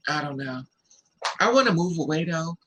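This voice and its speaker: Livestream co-host man, laid-back teaser, slightly high voice, halting when he reads. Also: animated, fairly bright tone, breathy edge, poor audio. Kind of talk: casual livestream chat.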